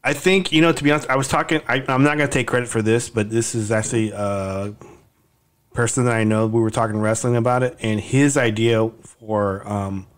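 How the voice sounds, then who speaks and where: A man's voice: medium pitch, fairly even intonation, a little fast, clean tone. A man co-hosting a podcast in casual chat, telling stories in a hesitant, rambling way. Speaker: podcast co-host.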